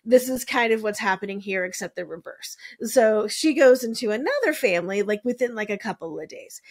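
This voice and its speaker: A woman's voice: mid-range voice, lively intonation, fairly quick. A woman host telling a true-crime story in a casual, chatty way, full of "like" and wry asides, now and then swearing. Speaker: podcast host.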